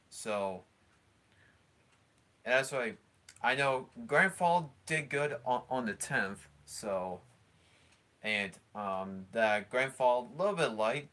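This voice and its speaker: Slow, halting man commentating. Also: fairly low pitch, fairly bright tone. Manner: halting, many fillers and restarts. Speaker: stream host commentating along with a broadcast. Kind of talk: casual live commentary.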